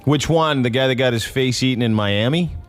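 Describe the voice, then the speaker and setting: A man hosting a morning radio show, joking and teasing callers in quick banter. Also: medium pitch, soft background music. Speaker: radio host.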